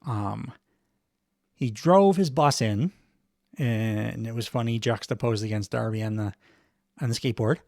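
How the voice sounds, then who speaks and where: A man's voice: medium pitch, unhurried, vocal fry, pauses often, a little mellow, no echo, clean studio sound. A middle-aged man hosting a podcast, giving a casual, wry wrestling recap full of fillers and chuckles. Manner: rambling, wry, chuckles often, many fillers. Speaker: podcast host.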